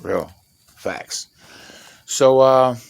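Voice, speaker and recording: A man talking fast in a rambling, profane, digressive vlog monologue from his half-built shed at night. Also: medium pitch, lively intonation, creaky, slight background noise. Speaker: vlogger.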